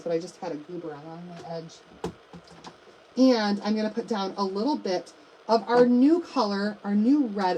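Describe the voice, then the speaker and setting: A woman's voice: medium pitch, dark tone, slight background noise, poor audio. Chatty woman hosting a craft livestream. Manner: chatty, addresses viewers as you guys and y'all. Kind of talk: live craft demonstration.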